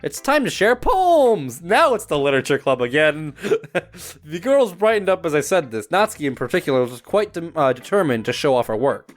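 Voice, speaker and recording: A man's voice: fairly high pitch, expressive, fairly quick. A young man reading a visual novel aloud as a gaming YouTuber, stumbling over words, laughing at his misreads and swearing casually.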